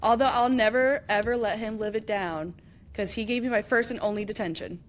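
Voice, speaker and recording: A woman in her thirties hosting a podcast, chatting casually and telling animated stories with acted-out quotes and frequent laughter. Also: medium pitch, a little fast. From upstate New York. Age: 30s. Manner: animated storyteller, acts out quotes, laughs often. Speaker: podcast host. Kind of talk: casual chat.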